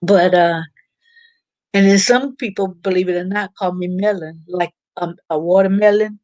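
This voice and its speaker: A woman hosting a casual livestream, chatting in a halting way and often repeating her words as she reads the chat. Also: medium pitch, fairly even intonation, a little mellow, no room sound, dull audio. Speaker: YouTube livestream host.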